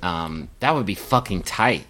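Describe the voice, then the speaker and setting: Lively, low-voiced joking man. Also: unhurried. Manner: joking, profane, riffing. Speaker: podcast co-host. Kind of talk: casual comedic chat.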